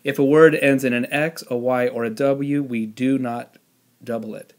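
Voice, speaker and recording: A man teaching a spelling lesson, explaining the rules patiently step by step and pausing on the odd "um". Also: medium pitch, steady tone. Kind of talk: spelling lesson with classroom instructions.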